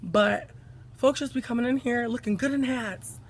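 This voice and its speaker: Sassy high-voiced man ranting. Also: normal speed, slight background noise. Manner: sassy, profane, animated storytelling with mock quotes. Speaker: hat shop retail worker. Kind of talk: casual rant to camera.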